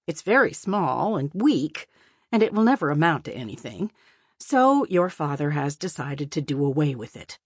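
A woman voicing a calm, practical farm mother who speaks matter-of-factly and firmly, in a storybook audiobook. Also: sits low, normal speed, breathy edge, no echo, studio quality, exaggerated voice. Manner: matter-of-fact, firm. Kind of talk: audiobook character voice.

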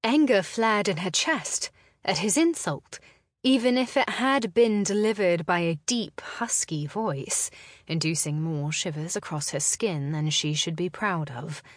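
A woman narrating a historical romance audiobook in a measured, expressive way. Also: fairly low pitch, dry recording, clean studio sound.

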